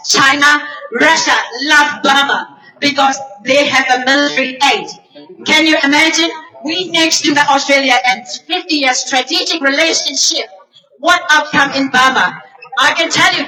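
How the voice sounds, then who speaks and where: A woman delivers an emphatic, emotional protest speech at an outdoor rally. Her voice is high and bright, and she was recorded at a distance from the mic. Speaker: rally speaker.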